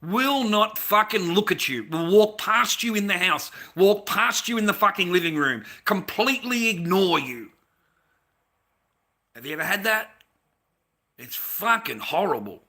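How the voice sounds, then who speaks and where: A middle-aged man with an Australian accent rants at his audience, rambling and lecturing with heavy profanity. His voice is tense and cutting, and it sits a little high for a man. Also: animated, measured pace, pushed and bright. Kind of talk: casual rant to viewers.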